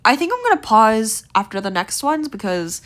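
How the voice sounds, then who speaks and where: A woman's voice: a little high, sing-song, normal speed, fairly bright tone. Chatty young woman with a tiring voice. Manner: chatty, rambling, lots of likes and ums. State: voice tiring, slightly strained. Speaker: gaming video creator. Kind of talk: casual rating commentary.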